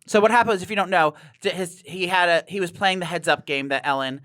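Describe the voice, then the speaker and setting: A man's voice: high-pitched, fast talker, pushed and bright, dry recording, clean studio sound. A man guest on a podcast chatting casually, telling campy, gossipy stories. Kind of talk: casual chat.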